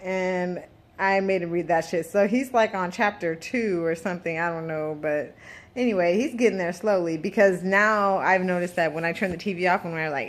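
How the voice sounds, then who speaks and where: A woman's voice: lowish voice, moderate pace. A woman in her thirties, a mother venting in a casual vlog, blunt and profane with rambling asides. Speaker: parent vlogger.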